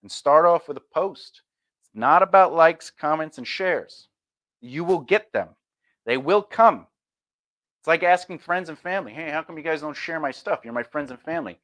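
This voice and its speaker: A man giving marketing advice in an animated lecture, acting out quick voices and punchy phrases. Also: fairly high pitch. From Sicilian family. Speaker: marketing coach.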